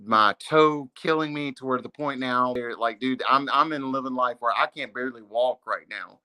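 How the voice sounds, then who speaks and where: A man's voice: medium pitch, normal speed, bright, forceful tone, clean tone. Earnest man telling a heartfelt story. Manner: earnest, says "dude" and "man" often, chokes up at times. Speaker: guest. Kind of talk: emotional storytelling in a podcast conversation.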